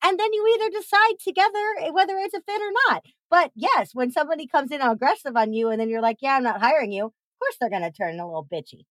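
Woman podcast host, emphatic and energetic, fairly high voice, dry close sound. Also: fast talker, few pauses, no echo, low-quality recording. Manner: energetic, emphatic, swears freely, acts out quotes. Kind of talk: casual interview chat.

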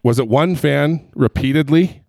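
A man hosting a casual interview, asking questions with quick apologetic asides. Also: a little high, creaky, darkish tone, no room sound, studio quality. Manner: admits to tangents, apologetic asides. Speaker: podcast host.

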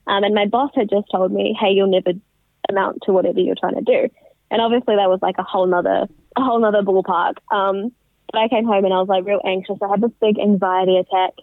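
A woman's voice: mid-range voice, no echo. A woman in her twenties, a guest telling her story in a casual interview, with lots of "like" and "um". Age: 20s. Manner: chatty, many likes and ums. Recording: tinny phone line.

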